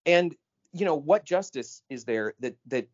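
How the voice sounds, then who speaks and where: A man co-hosting a podcast in casual chat, animated and emphatic, often cutting in. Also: fairly high pitch. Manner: animated, emphatic, quick to interrupt. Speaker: podcast co-host. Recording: slightly dull lo-fi audio.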